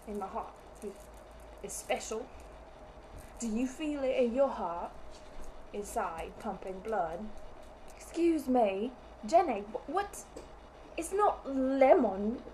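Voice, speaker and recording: A woman's voice: a little high, background noise. A woman playing an overwrought female TV sales host who repeats herself constantly, in a comic sketch. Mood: gushing, then irritated. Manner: repetitive, overwrought, melodramatic. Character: pushy female TV sales host with phony accent.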